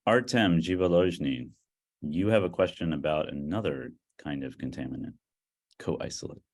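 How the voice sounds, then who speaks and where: A man hosting and moderating a discussion, calling on questioners with relaxed, joking asides. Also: a bass voice, moderate pace. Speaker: host and moderator.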